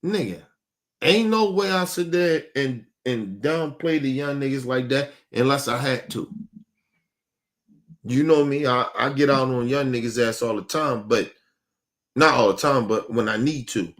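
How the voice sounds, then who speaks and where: An older man, a podcast host, telling a rambling, profane story in casual chat, getting animated when he quotes himself. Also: mid-range voice, unhurried.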